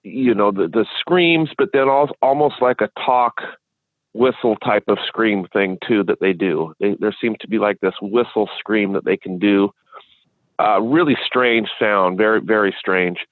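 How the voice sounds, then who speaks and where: A man from Washington State, a guest in an interview, telling a long rambling story with halting restarts. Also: fairly low pitch, dry recording. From Washington State, USA. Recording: dry, tinny phone line.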